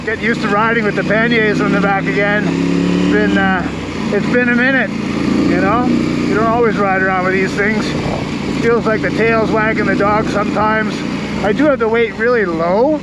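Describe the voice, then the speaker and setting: A man's voice: high-pitched, normal speed. A man riding an adventure motorcycle alone, talking casually to the camera outdoors while he thinks aloud. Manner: relaxed, chatty, thinking aloud with fillers. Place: outdoors on a remote trail. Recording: loud engine and wind noise behind.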